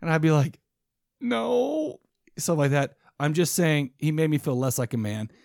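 A man's voice: a little high, expressive, measured pace, vocal fry, a little mellow, dry recording, studio quality. A man co-hosting a podcast, telling a rambling story in casual banter with lots of restarts. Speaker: podcast co-host.

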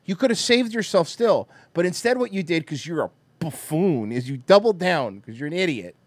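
A man's voice: on the high side, expressive, normal speed, dry recording. A man co-hosting a podcast, joking in profane, teasing banter. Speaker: podcast co-host. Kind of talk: casual comedic banter.

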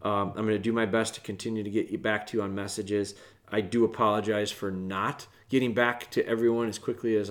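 Man, fairly low voice, casual podcast host, earnest, rambling, soft-spoken stretches. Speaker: podcast host, dog trainer. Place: home, with dogs in the room.

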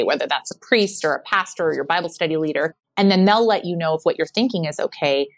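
Podcast guest: a woman in her forties with a lower voice who tells stories animatedly and acts out the dialogue. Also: fairly quick, hardly any pauses. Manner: frequent filler 'like'. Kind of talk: casual conversation.

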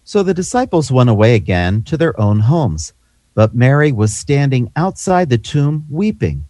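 Male scripture reader with a mellow, lively voice. Expressive delivery, lifts his pitch for quoted lines. Dry recording. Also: normal speed, no echo. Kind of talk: reading scripture aloud.

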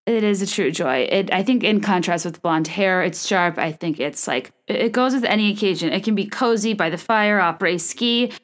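A woman in her thirties talks alone into a microphone, rambling through funny stories about herself. Her telling is animated and self-mocking, with quick asides and little restarts. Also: medium pitch. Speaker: podcast host. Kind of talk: solo comedic podcast monologue. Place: small room. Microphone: studio microphone.

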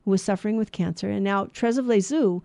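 Co-hosting a Bible radio show, a woman teaches earnestly, running through virtues and sins at a steady, measured cadence. Her medium-pitched voice has a creaky quality, and there's no room sound.

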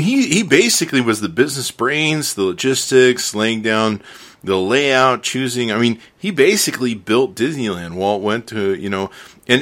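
A man's voice: mid-range voice, a bit bright. A man hosting a podcast interview, chatting casually and making joking asides. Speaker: podcast host.

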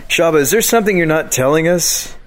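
A man playing a tabletop game, speaking in a halting, hesitant way with many "like"s and "uh"s. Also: a little high, animated. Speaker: player. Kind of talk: casual tabletop game play.

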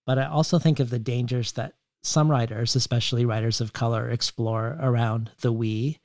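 Male host, measured and literary, dry studio audio. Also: mid-range voice, fairly even intonation, a little mellow, no room sound. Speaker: interviewer. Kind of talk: prepared interview questions with read quotations.

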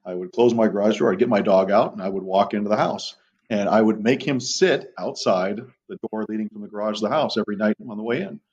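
On muffled, lo-fi audio, a middle-aged man who trains dogs chats as a podcast guest, wandering from story to story with casual profanity. His voice is fairly low and darkish, and he talks fast.

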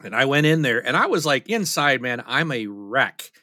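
A man talks in loose, casual podcast chat, candid and a little self-deprecating. He circles back and restarts often. His voice is bright and forceful, recorded dry with no room sound. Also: mid-range voice, big pitch swings, normal speed, dry recording. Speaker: podcast co-host.

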